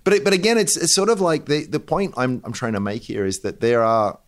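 Australian man, halting podcast chat. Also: mid-range voice. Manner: thinks aloud with frequent restarts and repeated words. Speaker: podcast co-host. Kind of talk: casual chat.

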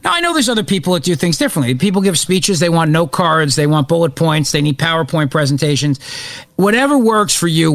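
Middle-aged male talk radio host, slightly raised pitch, dry close studio sound, unscripted rambling delivery. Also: creaky, fairly bright tone, no echo. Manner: off-the-cuff, rambling with restarts and asides.

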